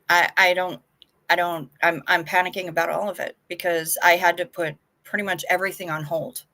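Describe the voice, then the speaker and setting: A woman's voice: lowish voice, a bit bright. Chatty woman streamer, frank and anxious. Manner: chatty, frank, swears casually. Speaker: live stream host. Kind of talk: casual live-stream chat reading viewer messages.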